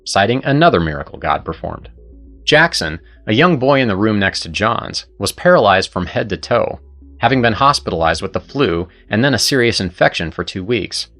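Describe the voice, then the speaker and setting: A man's voice: lowish voice, expressive, moderate pace, a bit bright, faint music behind. A man hosting and narrating a scripted story in an earnest, persuasive way. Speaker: host and narrator.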